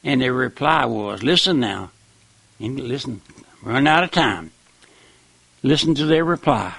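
Gravelly, fervent preacher man. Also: medium pitch, lively intonation, unhurried, a bit bright, no room sound. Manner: emphatic, dogmatic, repeats "my friend" and "listen". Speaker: radio preacher. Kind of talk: fervent radio sermon.

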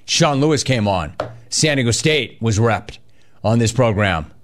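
Energetic man hosting sports talk radio. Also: medium pitch, a little hiss or hum. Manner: energetic, fast bursts, reads listener chat aloud.

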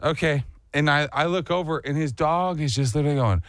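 Man, morning show co-host, animated storyteller, slightly high voice, dry close mic. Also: fairly quick, no echo. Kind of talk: casual chat.

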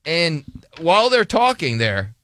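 A man hosting a radio talk show, telling crude jokes in an animated, storytelling way. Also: fairly high pitch, measured pace, no echo.

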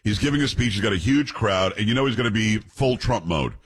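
A man hosting a radio talk show, teasing his co-hosts in quick, joking banter. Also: lowish voice, expressive, slightly rough.

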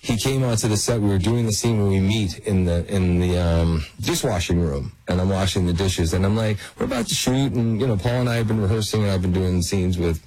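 Husky guy, guest on a chat show, telling stories and laughing a lot, dry close sound. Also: deep voice, fairly quick, hardly any pauses, a little mellow, no echo, rough recording. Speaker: actor guest. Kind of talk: animated anecdote telling.

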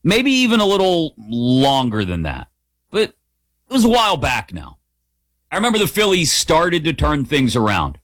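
A male sports radio host riffs on the pennant race in a lively, swinging voice that jumps up and down as he makes his points. The studio sound is dry and close, with no room echo. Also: fairly high pitch, normal speed. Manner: animated, conversational, opinionated. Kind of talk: opinionated sports talk monologue.

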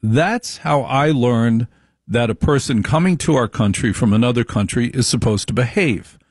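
In a close, dry recording, a man with a typical male pitch delivers an opinionated monologue at a moderate pace, his voice carrying a breathy edge. He tells stories emphatically and repeats lines to drive his points home.

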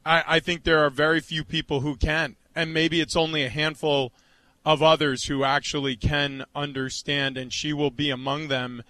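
A man with a bright, forceful and slightly high voice co-hosts a sports talk show. He speaks earnestly and with emphasis, close to a dry mic. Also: little pitch movement, normal speed, dry recording. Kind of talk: casual sports chat.

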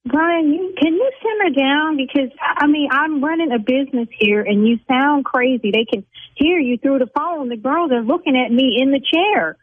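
A woman who owns a beauty salon, arguing with a caller over the phone, indignant and blunt and quick to flare up. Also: sits high, lively intonation. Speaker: salon owner on a phone call. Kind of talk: heated phone argument. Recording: tinny phone line.

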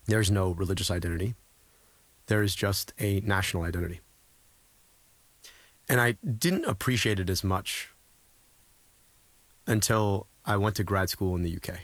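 A man's voice: fairly low pitch, fairly bright tone, dry recording. A man in his thirties, a guest telling earnest, reflective stories in conversation, often restarting his sentences. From United States. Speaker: guest, former political candidate.

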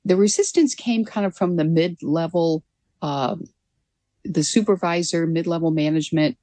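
A woman's voice: lowish voice, normal speed, warm tone, no echo. A woman in her sixties, a former military pilot, answering interview questions in an earnest, thoughtful way. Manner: earnest, thoughtful, with light laughs.

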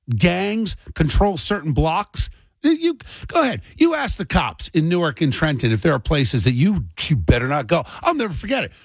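Guy ranting on his show all fired up, husky voice that swings up and down a lot, dry close sound. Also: high-pitched, no room sound. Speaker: show host and commentator. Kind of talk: political commentary monologue.

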